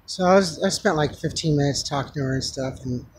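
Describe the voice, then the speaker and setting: Guy rambling through a story outside, slightly high voice, lots of restarts, faint background hum. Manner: rambling, halting with many restarts. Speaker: vlogger. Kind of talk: casual storytelling vlog. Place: outdoors on the street.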